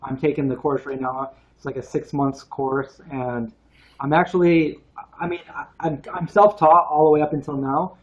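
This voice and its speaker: A man's voice: a little high, fairly even intonation, moderate pace. A man co-hosting a casual livestream, telling rambling stories with restarts and asides. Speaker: co-host of vegan cooking livestream. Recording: dull lo-fi stream audio.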